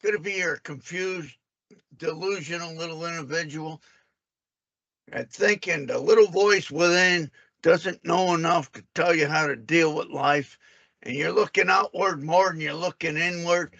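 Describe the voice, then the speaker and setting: A man's voice: fairly high pitch, measured pace, gravelly, bright, forceful tone, dull audio. A man on a voice call, arguing combatively and cutting in with repeated insults. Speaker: caller on a group call. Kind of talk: heated argument on a voice call.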